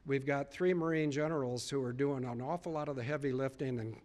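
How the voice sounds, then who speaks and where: A man addressing a live audience in an earnest storytelling speech. He retells conversations and repeats points for emphasis, in a mid-pitched voice. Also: fairly quick, a little mellow. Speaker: public speaker.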